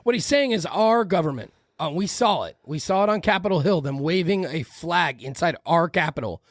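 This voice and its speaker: A woman's voice: fairly low pitch, animated, normal speed, no room sound, clean studio sound. A woman hosting a podcast, reacting to a video in a heated, profane rant. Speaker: podcast host. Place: podcast room.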